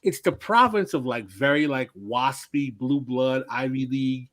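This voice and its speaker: A man in a casual podcast chat, telling anecdotes with animated asides. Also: medium pitch, unhurried.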